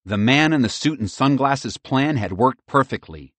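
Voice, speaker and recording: A man narrating a children's audiobook with lively, expressive storytelling. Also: mid-range voice, normal speed, no room sound.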